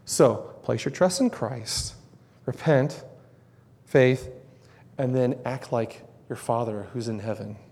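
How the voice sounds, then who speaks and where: A man's voice: medium pitch, slow, a little mellow. A man preaching a sermon, earnest and emphatic, repeating words to drive his points home. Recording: long reverb in a large hall.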